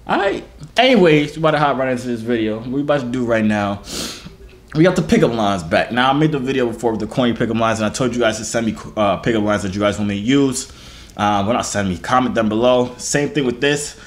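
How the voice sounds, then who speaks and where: A man's voice: mid-range voice, fairly quick. A man in his twenties hosting a casual vlog, hyped and joking, full of street slang. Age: 20s. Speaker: video host.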